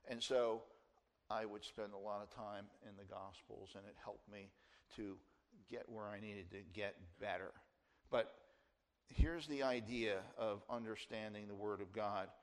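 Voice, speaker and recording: A man's voice: fairly low pitch, a little slow. A pastor in his sixties from New Jersey, preaching an earnest sermon and leaning hard on key words. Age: 60s. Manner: earnest, emphatic preaching with rising stresses.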